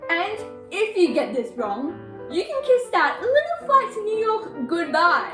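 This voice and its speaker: A teenage girl performs a comic solo stage scene as a gushing, exasperated reality show host. Her high voice swoops widely, and she takes her time with the lines. Music plays clearly behind her. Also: very animated, unhurried, fairly bright tone. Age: teens. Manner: dramatic, gushing, exasperated asides. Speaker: student actor playing a reality show host.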